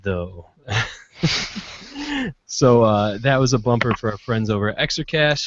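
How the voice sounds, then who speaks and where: A man's voice: fairly low pitch, measured pace, pauses often, lo-fi sound, faint music behind. A man hosting a casual podcast, joking around and laughing often. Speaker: podcast host.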